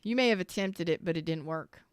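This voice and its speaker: This tarot reader's voice is fairly low and fairly quick, clean with no echo. During her live-streamed reading she's rambling, frank and emotional, near tears and swearing casually as she goes.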